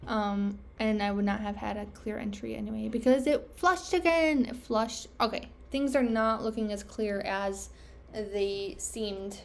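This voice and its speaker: In this casual self-talk screen recording, a young woman reviews her charts, sounding self-critical, trailing off, and losing her voice. She speaks in an unhurried, mid-range voice with fairly even intonation and vocal fry, and there's a slight hiss or hum.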